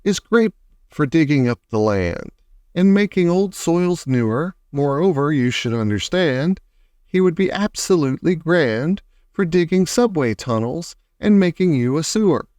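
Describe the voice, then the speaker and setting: A man plays a bright, welcoming young boy from a storybook who chants rhyming verse. The voice is lifted above the reader's own. It sounds dry and close. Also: on the high side, expressive, unhurried, no room sound. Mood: reciting. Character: cheerful young boy, friendly and eager.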